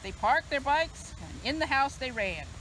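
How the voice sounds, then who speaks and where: A librarian reading a picture book aloud to children in an expressive, sing-song storytelling manner. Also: female voice, high-pitched, normal speed, slight background noise, rough recording. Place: library video recording.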